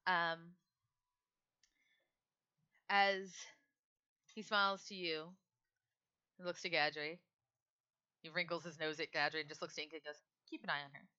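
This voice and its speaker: A woman's voice: low-pitched, little pitch movement, unhurried, long pauses, pushed and bright, clean tone. A woman narrating a tabletop game as game master in a casual, loose way, with fillers. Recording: slightly dull lo-fi mic.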